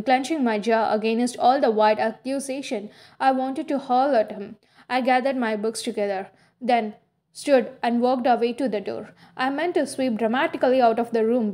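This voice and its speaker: Woman reading a novel aloud, halting. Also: on the high side, a little mellow. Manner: halting reading with frequent slips. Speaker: audiobook reader. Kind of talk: first-person novel narration.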